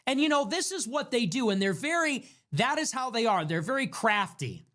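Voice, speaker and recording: A man's voice: extremely high pitch, very animated, moderate pace, fairly bright tone. A man in a played clip giving heated commentary and acting out quotes from his opponents.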